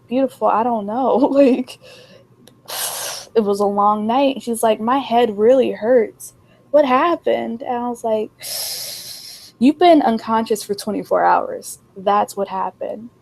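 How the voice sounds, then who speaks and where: A young woman spins a chaotic story to her friend in casual conversation, her higher voice leaping up when she acts out what people said. Her delivery is loose and full of energy. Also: creaky. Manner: animated, acts out quotes in a raised voice. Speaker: podcast co-host.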